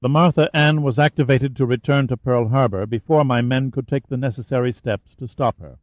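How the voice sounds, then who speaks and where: A man voicing a gaunt giant villain who speaks in a cold, calm, clipped way, on a dry, slightly dull recording. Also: mid-range voice, brisk, no room sound, natural voice.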